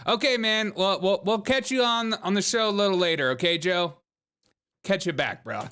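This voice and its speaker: A man from South Carolina with a Southern accent, hosting a comedic news podcast with fast, sarcastic asides. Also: high-pitched, animated, bright, forceful tone, smooth. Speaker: podcast host.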